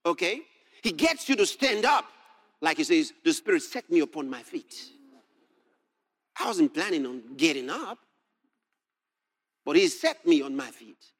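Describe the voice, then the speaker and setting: Animated high-voiced male preacher. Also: unhurried, long pauses. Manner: animated, rising to shouts on scripture. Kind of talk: sermon reading and expounding scripture.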